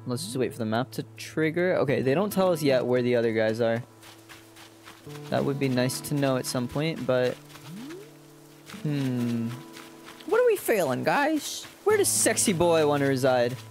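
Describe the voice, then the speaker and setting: A streamer talks casually over gameplay with playful, crude jokes. The voice swings lively up and down, and game music plays clearly behind it. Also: medium pitch, moderate pace, pauses often.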